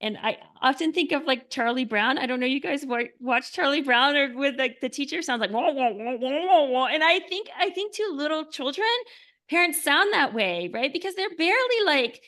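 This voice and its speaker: Woman, podcast guest, earnest, chatty fillers, slightly high voice. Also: moderate pace. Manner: earnest, lots of fillers, drops to a soft hush for calm. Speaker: author and guest. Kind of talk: podcast interview.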